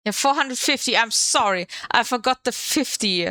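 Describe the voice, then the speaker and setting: A woman's voice: fairly high pitch, lively intonation, moderate pace, pushed and bright, dry recording. A woman streamer chatting casually on a live stream, playful and swearing freely into a desk microphone.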